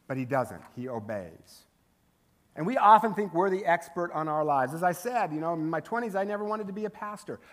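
A male pastor giving a sermon in a relaxed, chatty way, tossing in jokes and quick rhetorical questions. His voice sits a bit higher than most men's. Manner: conversational, humorous, rhetorical asides.

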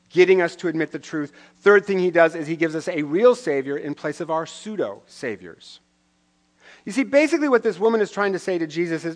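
A middle-aged man preaching a sermon in a conversational way, with wry asides and questions to the listeners. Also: fairly high pitch. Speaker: pastor.

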